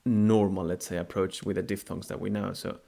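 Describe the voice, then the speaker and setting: Male language teacher, low gravelly voice, patient, slow modelling of sounds. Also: little pitch movement, mellow. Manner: unhurried, repeats words slowly to model pronunciation. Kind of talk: explanatory video lesson.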